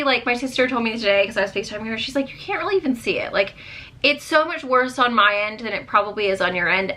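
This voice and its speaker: A woman's voice: fairly high pitch, pushed and bright. A woman vlogger chatting candidly to her viewers, venting with lots of fillers and restarts. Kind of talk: candid casual chat to camera.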